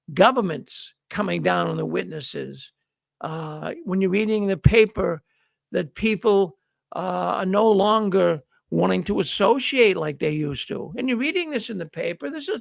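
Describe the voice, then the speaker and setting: A man's voice: sits high, gravelly, fairly bright tone, no echo. A middle-aged man hosting a news livestream, talking casually to viewers in a folksy storytelling way and acting out the dialogue he quotes.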